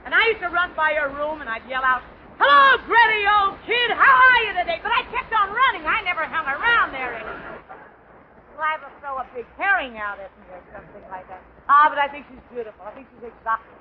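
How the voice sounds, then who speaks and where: Very high-voiced brassy wisecracking woman. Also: animated, a crowd in the background, noisy background. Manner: brassy wisecracking, quick asides and laughs. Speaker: comedian guest. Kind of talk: 1930s radio comedy monologue. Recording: dull 1930s radio broadcast recording.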